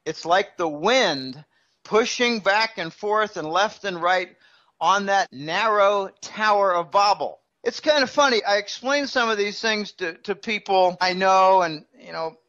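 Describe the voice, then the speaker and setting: A man's voice: high voice, lively intonation, unhurried, fairly bright tone, lo-fi sound. A man as a guest financial analyst, explaining markets in a conversational interview with everyday analogies.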